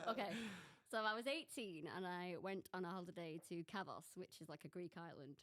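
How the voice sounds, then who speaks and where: A woman's voice: on the low side, moderate pace, pauses often, fairly bright tone, dry recording, studio quality. A young woman from England, a guest on a podcast, telling a rambling story in casual chat and laughing often.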